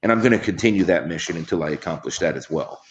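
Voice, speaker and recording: A very deep-voiced man speaks as a guest on a roundtable panel. His tone is earnest and determined. The audio sounds dull and lo-fi. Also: expressive, fast. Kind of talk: roundtable discussion.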